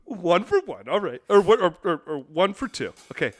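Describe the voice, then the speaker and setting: A man's voice: high-pitched, big pitch swings, moderate pace, soft background music. A young man co-hosting a podcast, reading bad jokes aloud and giggling as he goes. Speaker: podcast co-host. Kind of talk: casual podcast banter.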